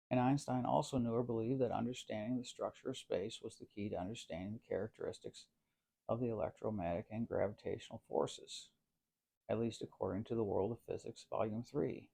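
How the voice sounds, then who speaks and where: Gravelly, measured male narrator. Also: lowish voice, mellow. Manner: measured, formal, long winding sentences. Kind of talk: scripted philosophical narration.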